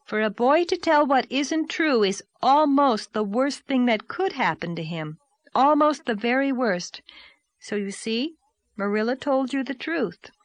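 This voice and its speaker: A woman voicing an earnest, gently firm young woman in a storybook reading. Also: high voice, expressive, unhurried, no echo, voice pushed up. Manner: earnest, emphatic.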